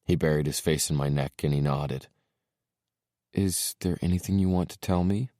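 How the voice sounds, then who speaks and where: A man narrating an audiobook in a soft, subdued way, dropping his voice low for tender moments. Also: moderate pace, no room sound, studio quality.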